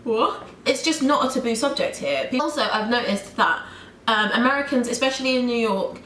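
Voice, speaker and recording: A young British woman from the UK vlogging, talking fast with an animated, exasperated tone. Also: fairly high pitch, a little hiss or hum. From United Kingdom. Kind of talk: ranting vlog. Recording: roomy room echo.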